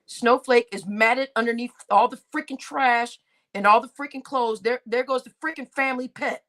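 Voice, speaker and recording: A woman's voice: fairly high pitch, steady tone, normal speed, a bit bright. A woman commentating on a casual gossip livestream, often breaking into laughter, swearing freely and talking to her chat. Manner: laughing often, profane, addressing chat as y'all.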